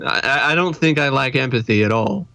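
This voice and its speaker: Casting note: man, loose and rambling, quick to laugh, close, dry-sounding mic. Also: medium pitch, expressive, gravelly, sharp tone, dry recording. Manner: laughs often, rambling, self-deprecating. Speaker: podcast co-host. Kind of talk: casual chat.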